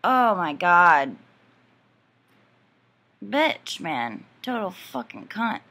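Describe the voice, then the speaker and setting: A woman ranting straight to camera in a casual storytime, swearing freely and sounding fed up. Her voice sits a little low for a woman but has a bright, forceful edge. She rambles and circles back with plenty of fillers. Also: animated, slow pace. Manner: profane, exasperated and indignant. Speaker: vlogger.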